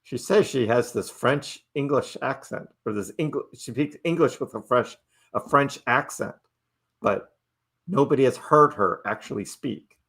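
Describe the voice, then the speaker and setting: A middle-aged livestream host with a medium-pitched, somewhat bright and slightly rough voice chats loosely and a little slowly with viewers, reading their messages aloud and laughing often.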